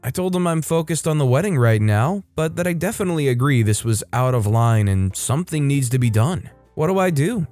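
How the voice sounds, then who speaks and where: A man giving scripted narration of online stories in an even, conversational reading. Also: medium pitch, fairly quick, few pauses, dry recording. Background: faint background music.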